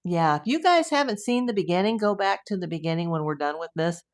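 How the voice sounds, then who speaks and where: A woman's voice: fairly low pitch, lively intonation, fast. A woman hosting a casual livestream, chatting with viewers and rambling easily between comments and news. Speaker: true crime livestream host. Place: home.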